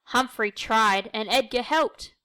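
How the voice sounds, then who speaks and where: A woman reading a children's picture book aloud in a gentle, expressive way. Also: a little high, takes it slowly. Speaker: storyteller.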